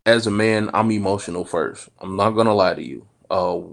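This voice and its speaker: A man's voice: on the low side, moderate pace, creaky, background noise. A man talking frankly and animatedly in a casual podcast conversation, swearing now and then.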